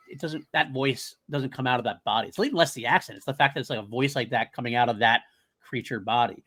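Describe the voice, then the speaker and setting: A man co-hosting a podcast, talking casually in a rambling, animated way and often correcting himself mid-sentence. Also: mid-range voice, quick pace. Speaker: podcast co-host.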